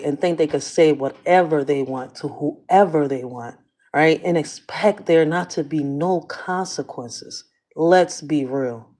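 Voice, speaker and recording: Woman vlogger, lower register, blunt profane rant with constant check-ins to her viewers. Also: darkish tone. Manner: blunt and profane, keeps asking "you see where I'm coming from". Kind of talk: casual rant to camera.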